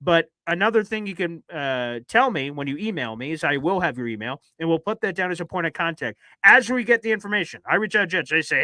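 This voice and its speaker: A man hosting a live sports stream, chatty and energetic, talking fast. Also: a little high, no echo. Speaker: podcast host. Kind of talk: casual live-stream chat.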